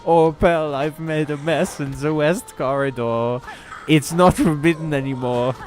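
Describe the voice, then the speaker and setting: A man's voice: a little high, steady tone, measured pace, darkish tone, faint music behind, close to an everyday voice. A man voicing a big, brooding male beast who talks in a theatrical, pompous way. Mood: grand, theatrical.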